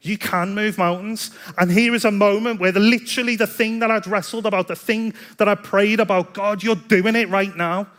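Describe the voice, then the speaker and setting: A man's voice: high-pitched, fairly even intonation, a little fast, few pauses, a bit bright. A man preaching a sermon in a chatty, self-deprecating storytelling way. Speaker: pastor.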